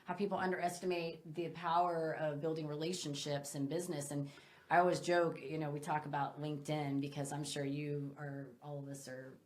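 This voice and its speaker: Fast-talking low-voiced woman host. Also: little pitch movement, a little mellow. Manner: chatty, eager to relate guests' points. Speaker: podcast host. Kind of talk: interview chat.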